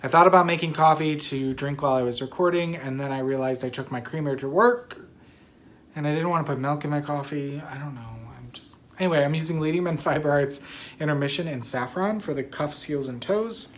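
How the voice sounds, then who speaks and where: A woman's voice: sits low, brisk, a little hiss or hum. A sleepy woman hosts her knitting show in loose, rambling chat. She drifts between thoughts, yawns, and keeps apologizing for it. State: sleepy, yawning. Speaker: knitting podcast host. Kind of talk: casual chat.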